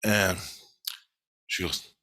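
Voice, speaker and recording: A man telling a dream in casual, profane storytelling, swearing constantly and getting animated as he retells it. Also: very slow, no echo.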